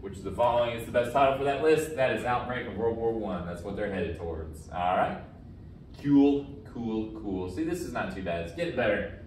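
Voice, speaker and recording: A man's voice: fairly low pitch, animated, brisk, darkish tone. A male history teacher talking casually through practice exam questions, with a joking, sarcastic streak. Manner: casual and jokey, self-described as sarcastic. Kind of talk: recorded lesson walking through practice questions. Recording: roomy echo, distant from the mic, faint background noise.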